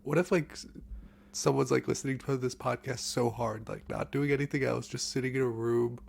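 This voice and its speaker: A man's voice: medium pitch, fairly even intonation, brisk, vocal fry, slightly rough. A man guest on a podcast, chatting casually and joking like a playful storyteller. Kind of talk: casual chat.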